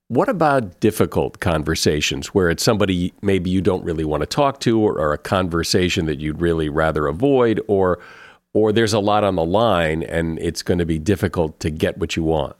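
A man's voice: low-pitched, moderate pace, dry recording. A male host asking questions in an interview, with small restarts as he asks.

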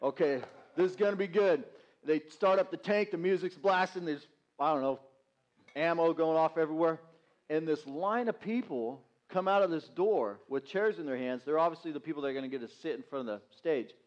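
A man's voice: fairly high pitch, brisk, muffled recording. A man preaching as youth pastor, telling a self-mocking story with acted-out quotes. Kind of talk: storytelling sermon. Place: church sanctuary.

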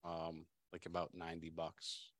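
A man with a very deep voice talks through the whiskeys in a casual, halting way, restarting words and laughing easily. The sound is dry and close. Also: completely flat delivery, a bit bright, no room sound. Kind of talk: casual tasting chat.

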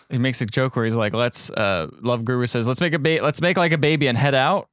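Fast-talking sweary male podcast host. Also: medium pitch, fairly bright tone, no room sound, clean studio sound. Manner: blunt, sweary, dismissive recapping. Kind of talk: casual chat.

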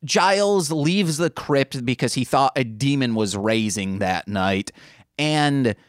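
A man co-hosting a podcast in casual chat, quick and joking, swearing and mimicking lines in funny voices. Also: mid-range voice, lively intonation, dry recording, clean studio sound. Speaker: podcast co-host.

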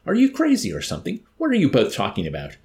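A man's voice: big pitch swings, normal speed, a little mellow. A man voicing a frightened, bewildered army chaplain who pleads in a raised, anxious voice. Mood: indignant. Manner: frantic, pleading, higher-pitched.

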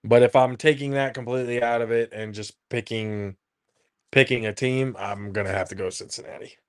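Talking football on a podcast he co-hosts, this man is emphatic, swears freely, and laughs a lot in casual sports chat. His medium-pitched voice is fairly even and brisk, with a clean tone.

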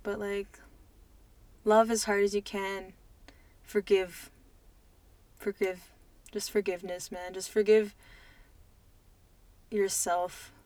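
Woman podcast co-host, gentle and heartfelt, monotone delivery, dry close sound. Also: mid-range voice, no echo. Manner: soft, emotional, repeats phrases, trails off.

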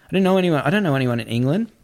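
A man, a podcast guest telling a story in a casual, animated way, often swearing and repeating himself. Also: a little high, rapid-fire. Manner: animated, repetitive, swears freely.

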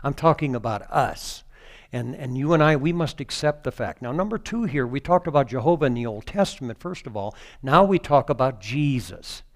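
A man's voice: medium pitch, lively intonation, moderate pace. A man preaching a sermon as pastor, moving from conversational teaching with fillers to fervent, rising exclamations.

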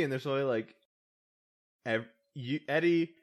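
A woman's voice: rumbling low, sing-song, normal speed. A woman running a tabletop game for friends, playful and often laughing. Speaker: game master.

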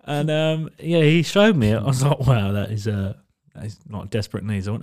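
A male podcast co-host tells a rambling, sweary story, laughing as he goes in a casual storytelling chat. His voice is medium-pitched and darkish, and he talks briskly.

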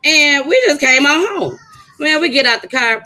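A woman co-hosts a podcast with a bright, forceful voice, set fairly high. She tells stories loudly and with animation, swearing freely and laughing along the way. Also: normal speed, low-quality recording. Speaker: podcast co-host. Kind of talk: casual chat and storytelling.

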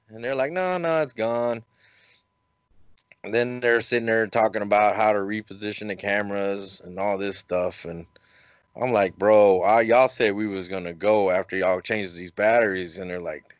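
A man hosting a podcast, telling a story in a casual, animated way. He laughs at his own jokes and his voice jumps up high when he quotes himself. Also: normal speed, no echo. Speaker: podcast host.

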